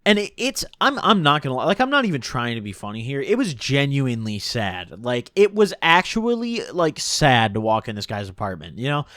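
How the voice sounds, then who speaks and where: A young man casually telling a long story, rambling and animated, full of "like" and "dude". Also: mid-range voice, brisk, hardly any pauses, no room sound, clean studio sound.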